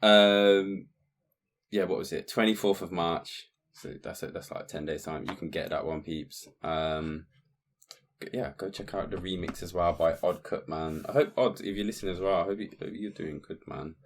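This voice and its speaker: A man co-hosting a podcast in relaxed, casual chat, swearing and saying "bro" often, with lots of ums. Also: sits low, moderate pace, slight background noise. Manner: laid-back, swears, frequent ums and "bro". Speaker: podcast co-host.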